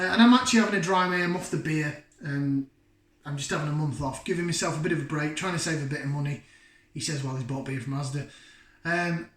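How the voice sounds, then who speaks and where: A man's voice: on the high side, a bit bright. A man chatting casually to camera as a beer reviewer, rambling and poking fun at himself. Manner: chatty, rambling, self-deprecating. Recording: roomy echo.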